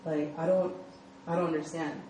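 A young woman voicing God as an exasperated, gently scolding figure, quieter and lower than her own talk. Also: little pitch movement, moderate pace, natural voice. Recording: echoey room, mic far off.

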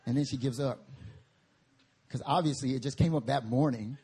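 Preaching a sermon at a church service, a male pastor laughs through the lively stories he tells. He speaks at a normal speed in a mid-range voice, leaving long pauses.

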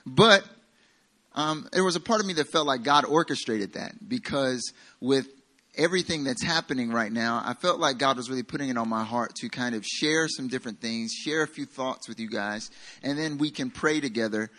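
A man's voice: mid-range voice, moderate pace, pushed and bright. A man with a Southern American accent preaching a sermon as pastor, talking casually and joking with his congregation. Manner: casual and self-deprecating, with a joking aside.

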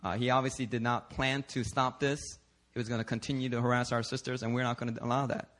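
Bright-voiced, lively male preacher. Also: medium pitch, fast talker. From Philadelphia, United States. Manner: animated, conversational, swings from hushed to loud while telling stories. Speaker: pastor. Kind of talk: sermon with storytelling. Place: church service.

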